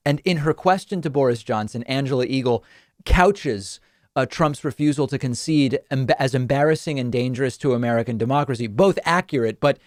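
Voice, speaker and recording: A man's voice: medium pitch, fairly quick, no room sound. Dry-voiced male political show host. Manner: wry, amused commentary. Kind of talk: solo political commentary.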